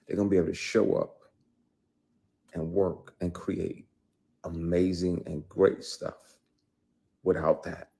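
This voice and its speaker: Deep-voiced middle-aged guy talking straight, blunt, swears a lot, gets intense. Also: little pitch movement, takes it slowly, creaky, pauses often, dark tone. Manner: emphatic and blunt, with frequent profanity; speaks with rising intensity. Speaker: actor telling his story. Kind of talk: candid conversational interview.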